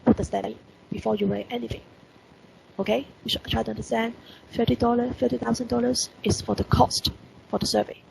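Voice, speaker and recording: A Hong Kong-accented woman teaches an online lesson over a computer mic, pitched a little high with a strongly gravelly, fry-heavy voice. She keeps stressing key words and asking "what does that mean?" Faint noise hums underneath. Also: little pitch movement, fairly quick. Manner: repeats rhetorical questions, stresses key words. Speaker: English teacher. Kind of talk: online lesson explaining report writing. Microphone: computer mic on video call.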